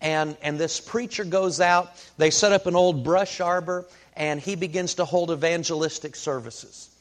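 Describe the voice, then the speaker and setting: High-voiced man preaching a folksy sermon. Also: steady tone. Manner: folksy, unhurried storytelling with many fillers. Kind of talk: sermon with storytelling.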